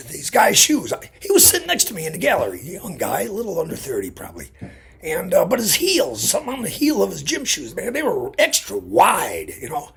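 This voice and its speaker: A man tells a rambling story for his vlog, chatty and full of asides. His voice is very raspy and gravelly, and his pitch swings widely as he talks. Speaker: vlogger. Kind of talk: casual storytelling. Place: Illinois.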